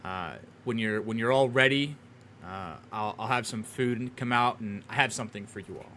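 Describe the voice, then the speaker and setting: A man's voice: lowish voice, moderate pace, sharp tone, slight background noise. A man voicing a friendly, hearty male innkeeper who welcomes his guests at the bar. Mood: welcoming.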